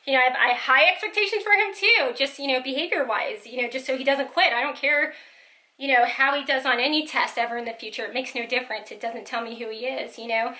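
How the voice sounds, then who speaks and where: Bright high-voiced chatty mom vlogger. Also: female voice, fast talker, poor audio. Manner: chatty, full of "like" and "you know" fillers. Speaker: parent vlogger. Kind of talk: casual vlog storytelling.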